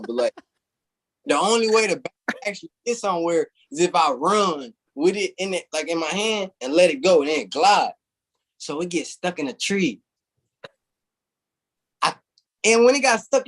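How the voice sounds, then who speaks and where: Animated slangy man telling stories. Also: high voice. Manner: animated, slangy, says "bro" often. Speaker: interview guest. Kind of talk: casual storytelling.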